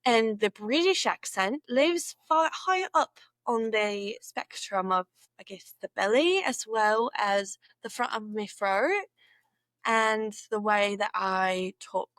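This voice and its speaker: A woman's voice: medium pitch, takes it slowly, fairly bright tone, no echo. A woman vlogger chatting casually and playfully, repeating words aloud as she practices an accent.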